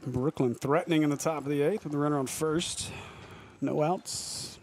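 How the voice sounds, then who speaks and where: A man's voice: on the high side, normal speed, darkish tone. Laughing, jokey male sports commentator. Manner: jokey, laughs often between calls. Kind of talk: live soccer commentary. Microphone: broadcast headset.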